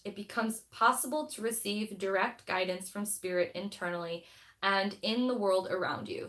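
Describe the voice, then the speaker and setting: A woman in a mid-pitched voice hosts a casual live stream about spirituality. She rambles and thinks aloud, reads passages from a book, and talks directly to her viewers. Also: fairly bright tone.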